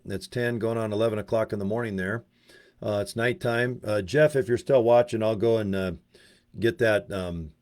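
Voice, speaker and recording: A man's voice: fairly low pitch, a little mellow. A man hosting a casual livestream about network marketing, rambling and slangy with crude jokes.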